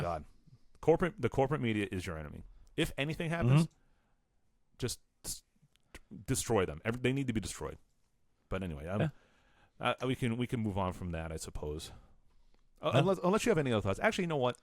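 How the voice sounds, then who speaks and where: A man's voice: medium pitch, sing-song, fast talker, no echo, clean studio sound. A man co-hosting a comedy podcast, ranting in casual chat and swearing often. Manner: profane, ranting. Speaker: podcast co-host.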